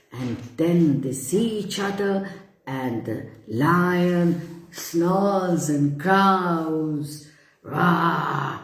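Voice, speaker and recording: A woman reading a bedtime story to children, animated and stopping to ask the listeners questions. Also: fairly low pitch, reverberant.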